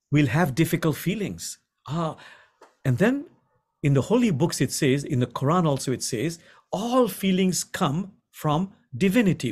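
Gentle man teaching with lively pitch. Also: husky. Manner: gentle, repeats key phrases slowly for emphasis. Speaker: imam and spiritual teacher. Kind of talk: guided contemplative teaching. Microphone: video call.

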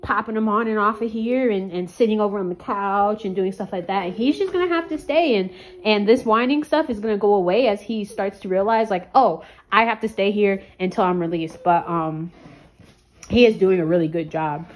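A woman talking viewers through her dog's training in a relaxed, chatty way. Her voice sits in a middle range and stays calm as she explains. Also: medium pitch, brisk. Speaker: dog handler training her dog. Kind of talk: casual training vlog.

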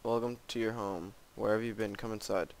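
A man voicing the game's facility as a sly figure, welcoming its prisoner back in a low, mocking tone. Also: fairly even intonation, fairly quick, vocal fry, a little hiss or hum. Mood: taunting.

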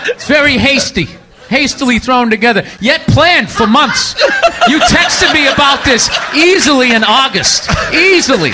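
A male comedian in podcast banter, telling stories in a loud, laughing, profane way. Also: extremely high pitch, animated, unhurried. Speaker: comedian guest. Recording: noisy clip with clicks.

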